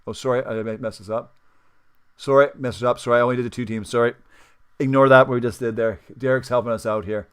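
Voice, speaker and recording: This fast-talking host of a sports card break livestream has a steady, clean, medium-pitched voice. Chatty and casual, he counts aloud as he goes and says sorry whenever he makes a slip.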